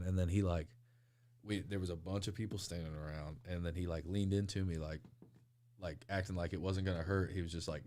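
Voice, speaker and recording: Deep-voiced man telling wrestling stories. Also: a little fast, slight background noise. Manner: animated, laughs often, acts out quoted people. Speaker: pro wrestler guest. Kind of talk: casual storytelling interview.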